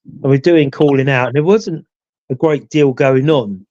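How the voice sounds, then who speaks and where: A man's voice: mid-range voice, normal speed, a little mellow, dry recording, muffled recording. A man, rambling through the story of a ghost hunt on a live chat show with a lot of "you know" asides. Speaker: ghost hunter, show regular. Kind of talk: casual live chat recounting an investigation.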